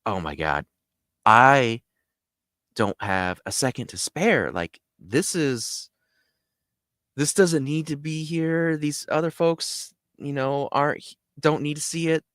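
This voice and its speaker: A man's voice: medium pitch, lively intonation, slow, fairly bright tone, no echo, studio quality, voice pushed up. A man playing a panicked young soldier. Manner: anxious, stammering.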